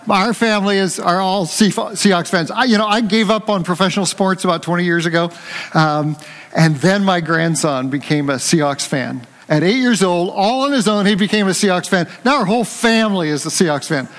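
Older preacher, high voice, hall reverb. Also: male voice, normal speed. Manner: animated storytelling, jokes with the congregation. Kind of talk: conversational sermon.

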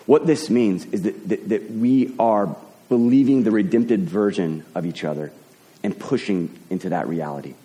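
A man preaching a sermon as pastor, talking in a halting way and often repeating words as he builds a point. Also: on the low side, dark tone, in a large hall.

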